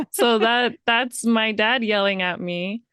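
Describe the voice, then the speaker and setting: A woman's voice: on the high side, slow, fairly bright tone, smooth, no room sound, studio quality. A woman co-hosting a parenting podcast in a casual chat, talking reflectively and laughing easily. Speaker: podcast co-host.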